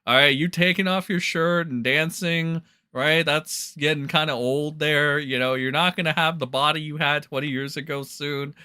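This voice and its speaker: A man's voice: on the high side, steady tone, normal speed, few pauses, sharp tone, smooth, no echo, studio quality. A man hosting a livestream, mocking and ranting with constant swearing and lots of "like" and "all right". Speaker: livestream commentary host. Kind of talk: profane reaction commentary.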